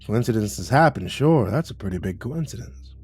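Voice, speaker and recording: A man's voice: animated, moderate pace, darkish tone, husky, faint music behind. Man doing a wary, musing grown man. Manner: musing, low-key.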